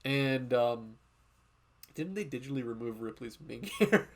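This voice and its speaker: A male art streamer chatting loosely on a livestream as he draws, his voice sitting at an ordinary middle pitch. He swears freely, drifts off on tangents and keeps coming back to the drawing. He often slips into animated quoted voices to act out what people said. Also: unhurried, slight background noise. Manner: rambling and profane, jumping between tangents. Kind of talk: casual livestream chat while drawing.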